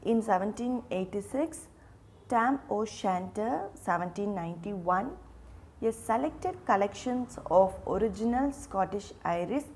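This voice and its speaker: This literature teacher has a medium-pitched, darkish voice. She explains slowly, answering her own questions and repeatedly restating names and restarting phrases.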